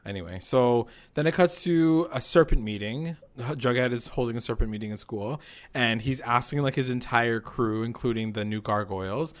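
A man in an easygoing chat, retelling a TV episode scene by scene. He slips into quick mock voices for the characters, and his voice sits at an ordinary middle pitch. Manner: animated retelling, acting out characters' lines. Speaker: podcast co-host recapping a TV episode. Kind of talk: casual chat.

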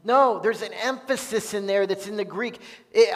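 A man with a high voice preaches a sermon at a slow, deliberate pace. He reads scripture in an earnest tone, and his words ring out with the long reverb of a church hall. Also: fairly bright tone. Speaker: pastor.

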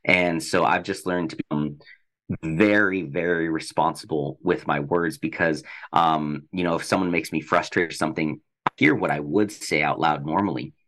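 A man's voice: very deep voice, steady tone, normal speed, fairly bright tone. A man on a faith podcast, telling a personal testimony in an earnest, reflective way. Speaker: podcast co-host.

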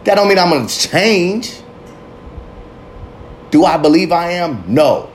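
A man's voice: sits high, lively intonation, slow, a little hiss or hum. A man giving a fiery, profanity-laced motivational monologue about addiction and recovery. He rambles, goes off on tangents and speaks with raw passion.

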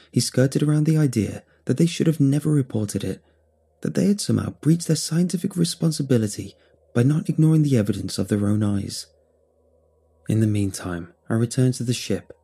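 Gravelly, husky man telling a horror story. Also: mid-range voice, animated, normal speed, dark tone. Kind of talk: first-person horror story narration.

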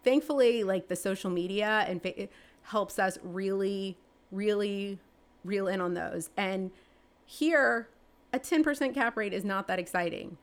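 A woman, answering interview questions in a chatty way, with many fillers and restarts, her pitch jumping up when she gets excited. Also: unhurried. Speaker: real estate agent and team leader.

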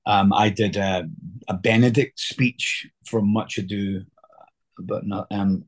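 Scottish man, middle-aged, husky and low, rambling guest anecdotes. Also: fairly even intonation, unhurried. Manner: rambling anecdotal teller, many fillers. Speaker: guest actor. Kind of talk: casual interview storytelling.

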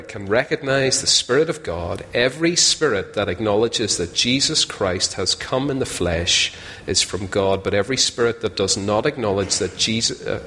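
A man's voice: on the low side, sharp tone, a little hiss or hum. A man preaching a sermon in a conversational, self-deprecating way, often putting questions to his listeners. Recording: long hall reverb, faint ambience.

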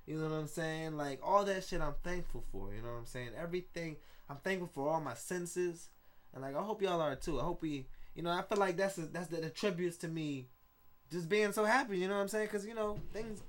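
A man, hosting a casual solo podcast in a loose, rambling, excitable way, swearing often. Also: on the high side, brisk. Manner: rambling, loose and excitable, with frequent profanity and laughs. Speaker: podcast host.

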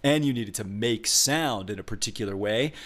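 A man's voice: fairly low pitch, moderate pace, fairly bright tone. A man co-hosting a casual podcast, patiently explaining vocal technique and demonstrating. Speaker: co-host giving a voice lesson.

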